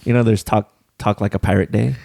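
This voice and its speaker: A man's voice: lowish voice, fairly even intonation, brisk, gravelly, darkish tone, dry recording. A Filipino American man co-hosting a podcast, tossing out loose ideas with fillers. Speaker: podcast co-host. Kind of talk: casual podcast chat.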